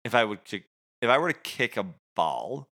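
A man co-hosting a podcast in casual chat, playful and quick to argue his point. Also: medium pitch, vocal fry. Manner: playful, argumentative, animated. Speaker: podcast co-host.

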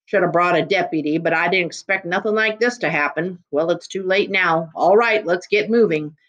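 A woman voicing a gruff, blustering male rural constable who speaks in folksy, ungrammatical talk. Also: lowish voice, moderate pace, a bit bright, muffled recording, natural voice.

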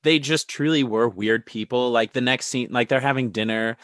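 A man's voice: medium pitch, normal speed, a bit bright, no room sound, clean studio sound. A man co-hosting a podcast, joking about a movie in casual chat with frequent swearing. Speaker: podcast co-host.

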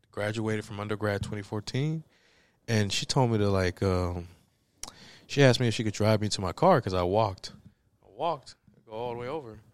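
A man's voice: fairly low pitch, dry recording. A young man in his twenties chatting casually as a co-host, rambling through stories with many fillers. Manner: rambling storyteller with lots of fillers, bursts of laughter. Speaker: podcast co-host. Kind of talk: casual chat.

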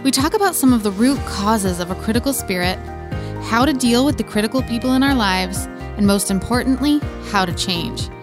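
A woman's voice: fairly high pitch, animated, a little fast, music in the background. A woman hosting a faith podcast, talking candidly and laughing with friends while reading definitions aloud. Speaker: podcast host. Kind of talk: casual chat.

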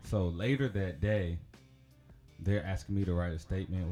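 A low-voiced man with a twang rambles through a personal story on a casual podcast. His voice is dark and mellow, and he fills it with ums and likes. Faint background music sits behind him. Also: lively intonation, normal speed. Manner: rambling, chatty, laughs often, lots of fillers. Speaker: podcast host.

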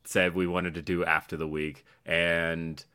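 A man's voice: sits low, unhurried, clear, resonant tone. A man co-hosting a podcast, telling stories casually and acting out what people said. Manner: animated storytelling, acting out quotes. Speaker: podcast co-host. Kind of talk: casual storytelling chat.

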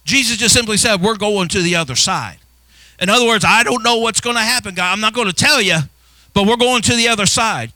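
A male pastor preaching a sermon, building from soft, low passages into impassioned shouts. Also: a little fast, dry recording.

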